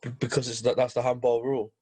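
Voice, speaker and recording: A man co-hosting a casual football podcast, talking in halting bursts with many restarts. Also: medium pitch, completely flat delivery, darkish tone, breathy edge. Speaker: podcast co-host.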